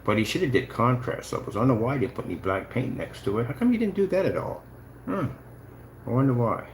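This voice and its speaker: A man's voice: medium pitch, sing-song, quick pace, slight background noise. A man giving casual, taunting livestream commentary, full of sing-song mockery. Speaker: channel host.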